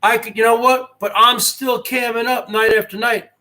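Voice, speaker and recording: Guy with a real high bright voice doing his live stream, talks slow, brags like a wrestling promo. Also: steady tone. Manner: boastful wrestling-promo bravado, rhetorical questions. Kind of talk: rambling live-stream chat.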